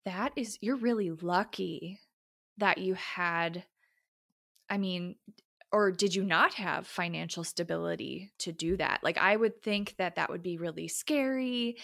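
Slow, gravelly woman podcast host. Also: medium pitch, fairly bright tone. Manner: unhurried, reacts with gasps and laughs. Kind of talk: conversational interview.

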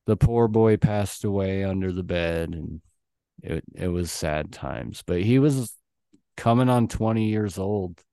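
A man's voice: low-pitched, a little slow, vocal fry, warm tone, clear, resonant tone, no echo, clean studio sound. A young man hosting a podcast in casual chat, telling stories loosely with lots of fillers and laughs. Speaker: podcast host.

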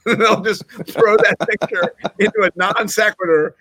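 Man, fairly high voice, rambling and jokey, casual fantasy football talk. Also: a little fast, hardly any pauses, bright, forceful tone. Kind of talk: casual sports chat.

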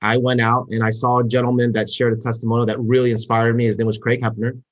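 A man's voice: mid-range voice, little pitch movement, fast talker, no room sound. A middle-aged man telling his start in business in a casual interview, rambling with many fillers and restarts. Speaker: guest, network marketer. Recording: dull, muffled sound.

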